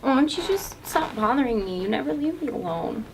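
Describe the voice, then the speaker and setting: A woman's voice: a little high, lively intonation, a little fast, background noise. A young acting student playing a moody, defensive young woman who picks a fight in a stage scene. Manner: petulant, accusing. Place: classroom stage.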